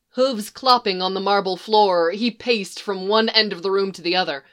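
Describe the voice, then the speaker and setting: A woman narrating a storybook in a measured, expressive way. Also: medium pitch, clear, resonant tone. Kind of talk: storybook reading.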